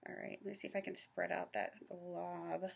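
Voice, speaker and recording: A woman's voice: lowish voice, little pitch movement, normal speed, creaky, slightly rough. A woman from the American South giving a chatty, casual craft tutorial in her home office, narrating each step with self-deprecating asides. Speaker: craft vlogger.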